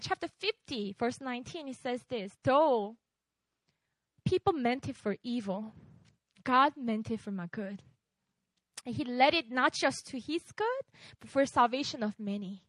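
A woman preaching at a retreat, lively and animated, checking in with the crowd with quick asides and acting out little scenes. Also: fairly high pitch, no echo, clean studio sound. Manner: acts out voices in her illustrations. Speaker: retreat speaker. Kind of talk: sermon.

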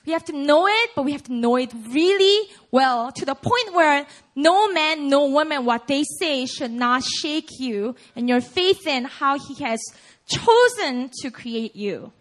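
Woman pastor, sermon, high voice, very animated, playful, laughing asides, questions to the congregation. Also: a little slow. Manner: asks the audience questions.

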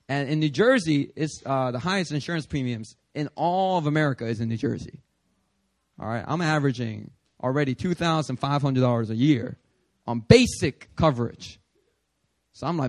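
A male pastor preaching a sermon, telling a personal story in an animated way and acting out his own prayers. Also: mid-range voice, moderate pace, no room sound.

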